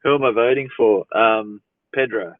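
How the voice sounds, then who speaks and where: A man hosts a casual live Q&A over a phone livestream, reading viewers' questions aloud in an easygoing, amused way and chuckling often. His lowish voice moves at normal speed, and the sound is dry and tinny, like a phone.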